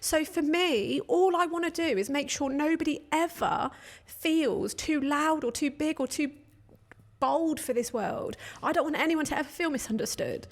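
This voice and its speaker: A woman's voice: high voice, animated. A woman co-hosting a retreat, answering an audience question in a live Q&A, tearful and crying as she speaks, heartfelt and open. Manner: heartfelt, open, quick bursts of emotion. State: tearful, crying while talking. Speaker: retreat co-host.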